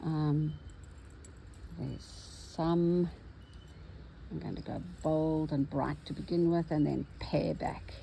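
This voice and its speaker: A woman's voice: deep voice, takes it slowly, vocal fry, long pauses, warm tone, a little hiss or hum, poor audio. A woman narrating her embroidery vlog, cheerful and chatty as she talks to herself while she stitches at home. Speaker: embroidery vlogger.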